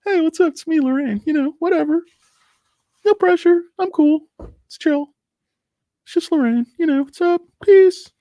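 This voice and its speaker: A man putting on a laid-back young woman's voice in a high falsetto, breezy and easygoing. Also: normal speed, pauses often, warm tone, no room sound.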